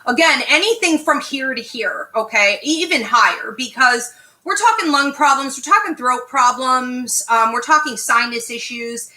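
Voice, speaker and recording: A woman with a fairly high, bright, forceful voice leads a live online class. She speaks directly and emphatically and keeps checking in with her listeners. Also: lively intonation, normal speed, rough recording. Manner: direct, emphatic, frequent "okay?" check-ins. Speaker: psychic medium teaching an online class.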